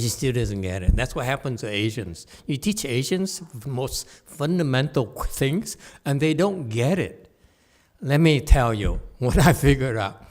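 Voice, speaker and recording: A man giving a teasing dharma lecture in a Buddhist hall, laughing often, repeating himself, and moving from soft asides to loud emphasis. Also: medium pitch.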